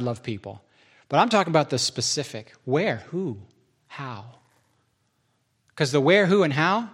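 A male pastor with a somewhat high, fairly bright voice preaches a sermon built around numbered points. He repeats key lines for emphasis and slips in self-deprecating jokes.

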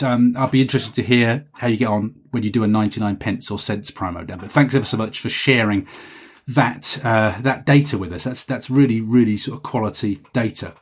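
A man's voice: medium pitch, husky. A man hosting a podcast, chatting casually and reading out listener messages in a rambling, self-correcting way. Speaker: podcast host.

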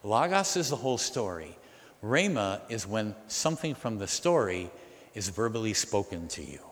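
A man's voice: lowish voice, normal speed. A man preaching a sermon as pastor, asking his listeners questions and acting out what they might say. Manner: animated, asks the congregation questions. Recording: long reverb of a large hall.

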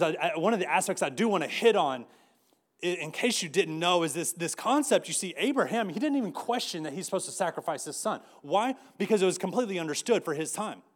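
A pastor delivers a casual, storytelling sermon in a voice a little higher than most men's. He often restarts his sentences and doubles up on words as he goes. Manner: conversational preaching with many restarts and repeated words.

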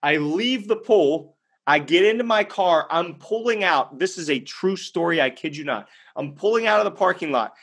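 A man's voice: high voice, fairly bright tone. A man giving a motivational monologue, telling a story in an emphatic, blunt way and answering his own rhetorical questions. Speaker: motivational speaker.

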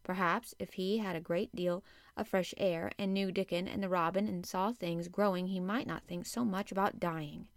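A woman reading a classic children's novel aloud, measured and gentle. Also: lowish voice, steady tone, no room sound, studio quality. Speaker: audiobook narrator. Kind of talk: storybook narration.

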